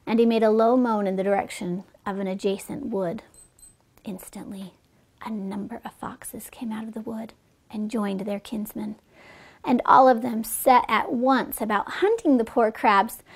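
A woman reading fables aloud to children as a storyteller, with gentle, chatty asides to her listeners. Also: a little high.

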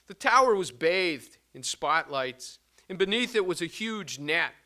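A man reading his own prose and poetry aloud to an audience. His voice is bright and clear, smooth and resonant. He shifts between careful, expressive reading and relaxed, casual asides. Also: high-pitched, a little slow. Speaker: poet giving a reading.

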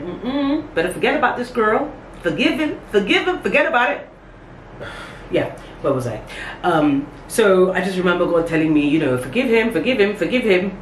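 A young woman telling a casual story on camera, acting out every quote with big jumps in her voice. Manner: animated, acts out quotes with big pitch jumps. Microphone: camera on a tripod. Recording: echoey room with faint background hum.

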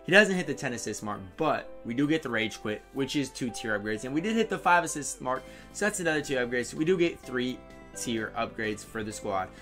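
Man, gaming commentator, hypes his plays and coaches the players on screen, soft music underneath. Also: mid-range voice, brisk. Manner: excitable, talks to players on screen. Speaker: gaming YouTuber. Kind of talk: live gameplay commentary.

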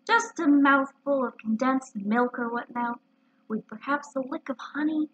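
A woman's voice: high-pitched, fairly bright tone. Winnie-the-Pooh, a woman doing a humble toy bear. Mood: wistful. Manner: slow, earnest and wistful. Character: humble simple-minded male toy bear. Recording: dull lo-fi recording.

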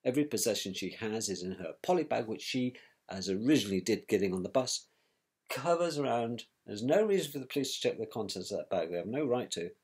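A man's voice: lowish voice, sing-song, quick pace, a little mellow, slightly rough. A man recounting events about his brother, in a scornful, colloquial storytelling manner. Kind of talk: personal storytelling.

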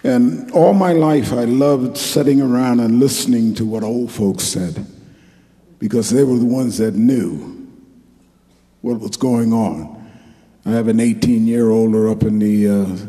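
An older man from New Jersey gives an acceptance speech at an awards ceremony in a large, echoey hall. His mid-range voice is mellow, slightly rough and measured, and his delivery is folksy, rambling and full of jokes.

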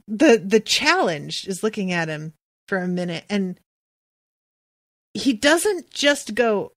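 A woman's voice: fairly high pitch, measured pace, no echo, studio quality. A woman hosting a podcast, recapping a fantasy novel in a casual, profane way and reading passages aloud. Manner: animated, profane, jumps into quoted voices. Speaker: podcast host.

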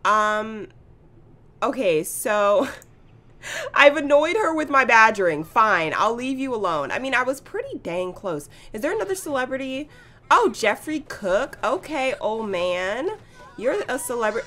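Woman gamer host, casual play-along chatter, swoops up and down a lot, excitable. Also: fairly high pitch, measured pace. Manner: chatty, excitable, gasps and laughs at the action. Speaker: gaming channel host. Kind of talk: casual let's-play commentary.

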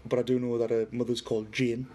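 A man's voice: mid-range voice, level tone, fast talker, warm tone, slight background noise. A middle-aged man from Newcastle with a Geordie accent, chatting casually on a paranormal livestream, reading viewer comments and talking to a spirit box. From Newcastle, northeast England.

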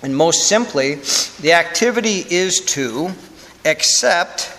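A priest telling a story in a candid, conversational sermon with self-deprecating humor. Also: male voice, a little high, animated, slow, fairly bright tone, a little hiss or hum. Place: church. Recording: long church reverb.

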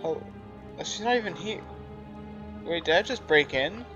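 A man's voice: a little high, lively intonation, a little slow, highs cut off. Sarcastic young man voicing over gameplay. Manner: sarcastic, profane running commentary. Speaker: gamer. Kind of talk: let's play commentary. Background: game music.

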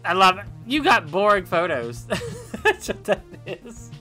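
A man playing through a game while commenting, chatty and excitable, yelping and laughing when things surprise him. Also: sits high, measured pace, soft background music. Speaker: gamer. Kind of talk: let's play commentary.

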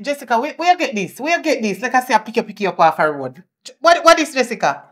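A woman with a Jamaican accent playing a fierce mother who scolds her daughter, swinging between shouting and muttering. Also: fairly high pitch. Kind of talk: indie film acting.

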